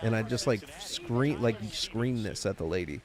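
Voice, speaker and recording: A man's voice: lowish voice, expressive, normal speed. A young man co-hosting a podcast, telling a long story in casual profane chat with plenty of swearing and filler. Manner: rambling storyteller, swears a lot. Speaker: podcast co-host.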